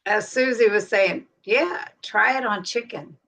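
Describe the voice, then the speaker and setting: This woman hosts a casual live stream chat from home, easygoing and full of laughter. Her voice sits at a middle pitch, and she talks in quick, friendly asides. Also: fairly bright tone. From Cincinnati, USA.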